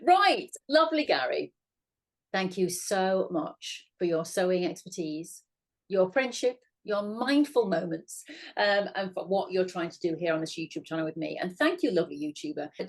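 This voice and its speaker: A woman co-hosting a sewing tutorial, talking in a gushing, enthusiastic way. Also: lowish voice. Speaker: co-host of a sewing channel. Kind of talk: casual craft tutorial chat.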